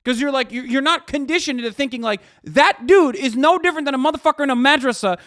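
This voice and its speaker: A streamer in his thirties reacts to news clips before a live audience, ranting about politics with sarcasm and constant swearing. His voice is high for a man, fairly bright and quick. The recording is dry and close-miked, without any room reverb.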